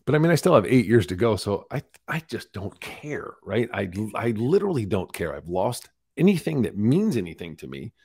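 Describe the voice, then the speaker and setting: A man's voice: on the low side, normal speed, few pauses, slightly rough, no echo. Candid man telling his story, dry close sound. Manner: candid, animated retelling with acted-out quotes. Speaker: podcast guest. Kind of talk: storytelling interview.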